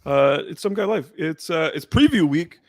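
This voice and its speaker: A man's voice: on the high side, animated, normal speed, no room sound. A man hosting a casual podcast, chatting loosely with fillers and restarts. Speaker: podcast host. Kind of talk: casual chat.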